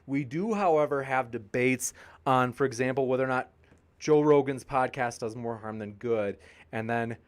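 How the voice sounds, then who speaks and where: A man hosting a debate channel, reading live chat shoutouts with jokey, playful banter and growing tired. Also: medium pitch. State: tiring, sipping water.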